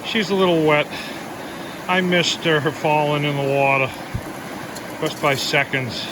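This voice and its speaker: A man with a fairly high voice talks casually to a handheld camera while prospecting outdoors. He is chatty and easygoing. Rushing river water fills the background. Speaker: vlogger, gold prospector. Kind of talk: casual outdoor vlog narration. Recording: loud river noise outdoors.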